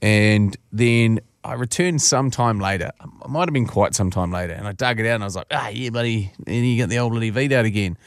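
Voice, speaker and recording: A man's voice: fairly low pitch, a little fast, hardly any pauses, no room sound, clean studio sound. A man co-hosting a podcast, telling crude anecdotes and laughing through them. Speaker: podcast co-host. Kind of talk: casual podcast storytelling.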